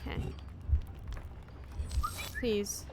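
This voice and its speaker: A woman's voice: very slow, background noise. A woman chatting casually while streaming a puzzle game, given to groans, exclamations and swearing. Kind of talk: casual gaming chat.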